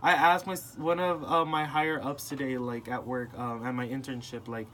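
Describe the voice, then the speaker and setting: A young man speaks in a slightly high-pitched voice, talking casually and animatedly. He retells a family argument by acting out each person's lines. A faint hiss of noise sits under the recording. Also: moderate pace. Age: young adult. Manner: animated, acting out family members in retold dialogue. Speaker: podcast host.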